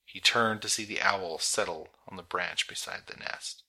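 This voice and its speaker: A man narrating a storybook in a dramatic, measured reading that builds tension. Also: low voice, sharp tone, a little hiss or hum, poor audio. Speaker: audiobook narrator. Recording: narration over clear background music. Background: music.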